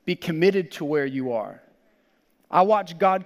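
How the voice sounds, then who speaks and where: A man preaching a sermon as pastor, animated, laughing often and acting out quoted lines. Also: fairly high pitch, measured pace, in a large hall.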